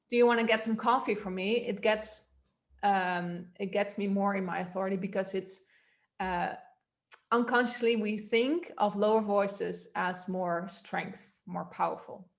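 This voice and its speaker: A woman voice coach giving a workshop, explaining techniques in a loose, conversational way and demonstrating them aloud. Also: medium pitch. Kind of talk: workshop instruction.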